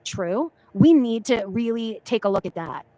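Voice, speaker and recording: A woman's voice: on the high side, expressive, a little slow, dark tone, no room sound, low-quality recording. A woman streamer chatting casually and bluntly, swearing and joking with her chat.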